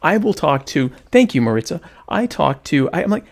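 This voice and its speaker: A man hosting a casual live stream, with a twang. His voice sits a little high and has a gravelly, fry-laced edge. He jokes his way through chat comments in a mock-indignant tone. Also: big pitch swings, brisk. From United States. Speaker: podcast host.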